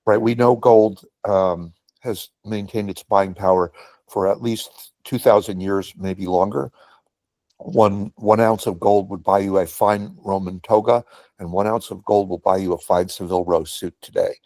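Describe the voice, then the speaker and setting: A man's voice: fairly low pitch, fairly even intonation, measured pace, a little mellow, no room sound. A man in a meeting discussion, making his points emphatically and stressing key words. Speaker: meeting participant. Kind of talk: discussion comment.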